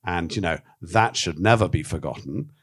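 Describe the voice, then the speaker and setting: A man with a very low voice speaks candidly in an interview. He tells stories with animation and swears freely. He acts out the voices of the people he quotes. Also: normal speed, a bit bright. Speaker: documentary filmmaker, interviewee.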